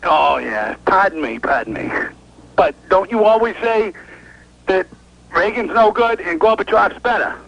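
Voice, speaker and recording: A man calling a radio show, rambling and accusatory, halting over his words. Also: high-pitched, animated, vocal fry, a bit bright, dull audio. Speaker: caller.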